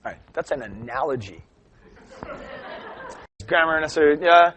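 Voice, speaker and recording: A middle-aged man giving a live teaching talk, lively and chatty, often checking in with "right?". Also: a little high, moderate pace, some chatter behind. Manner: animated storytelling, asks "right?" often. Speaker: workshop presenter.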